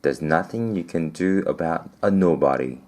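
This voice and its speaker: A man's voice: very deep voice, moderate pace, darkish tone. A man doing a mournful, tearful see-through little man. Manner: sobbing, sighing, melancholy.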